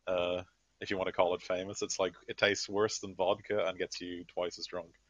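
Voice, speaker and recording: A man with a very low voice narrates a tabletop game as game master, rambling along with lots of fillers. The recording is dry and dull, like a lo-fi mic. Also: flat delivery, moderate pace, no echo.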